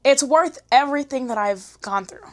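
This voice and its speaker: A woman's voice: high-pitched, normal speed. A young woman chatting candidly to camera, slangy, emotional and encouraging. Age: young adult. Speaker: vlogger. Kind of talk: casual chat to camera.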